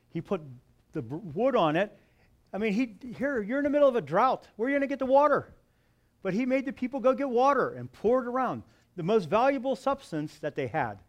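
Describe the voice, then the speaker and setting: Male preacher, pitched high, reads scripture and quizzes his listeners. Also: a little mellow, lo-fi sound. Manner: asks the listeners questions and answers them himself. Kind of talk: sermon, reading scripture.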